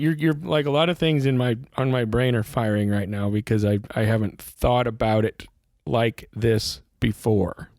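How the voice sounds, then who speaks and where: A man hosting a casual podcast conversation, quick to laugh and given to self-deprecating asides. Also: medium pitch, fairly even intonation, a little mellow, no room sound, studio quality. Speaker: podcast host.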